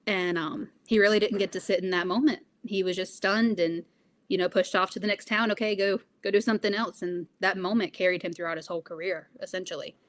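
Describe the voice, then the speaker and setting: A woman's voice: lowish voice, fairly even intonation, a little fast. A young woman being interviewed, answering in an earnest, reflective way with frequent fillers. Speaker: interview guest.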